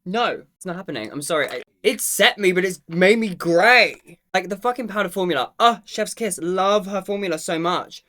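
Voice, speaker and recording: A man's voice: high voice, lively intonation, moderate pace, few pauses, sharp tone. A man reviewing makeup to camera in a casual, campy and sassy way, swearing freely and calling the viewer "girl". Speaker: makeup vlogger.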